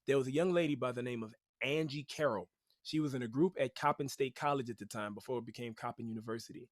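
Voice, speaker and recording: A man's voice: medium pitch, quick pace, no echo. Chatty man telling stories, dry sound. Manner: animated, chatty, peppered with "like, you know". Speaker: podcast guest, rapper and teaching artist. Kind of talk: casual storytelling.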